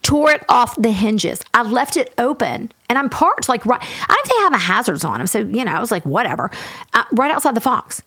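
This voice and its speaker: A woman co-hosting a podcast, telling a story in a lively casual way and acting out what everyone said. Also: a little high, no echo, studio quality. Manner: animated, fast, acts out everyone's lines. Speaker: podcast co-host.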